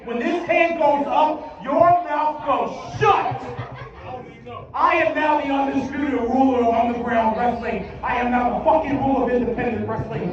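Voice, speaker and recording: High-voiced wrestler yelling a trash-talk promo, far from the mic, big echo, rowdy crowd. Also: male voice, fairly even intonation, normal speed. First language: Spanish. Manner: boastful, aggressive, profane, shouting. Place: indie wrestling arena, crowd around. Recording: distant, echoey, dull arena sound.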